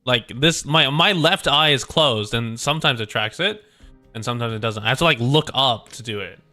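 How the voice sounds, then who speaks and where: A man's voice: medium pitch, moderate pace, sharp tone, soft background music. A male streamer chatting casually and laughing often while reading a game story aloud at his desk mic. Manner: laughs often, self-amused, rambling.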